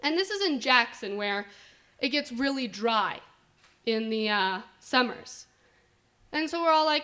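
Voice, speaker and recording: Young woman, slightly high voice, live storytelling, chatty, filler-heavy, indoor event, stage mic. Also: expressive, a little slow, long pauses, sharp tone. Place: indoor winery event space.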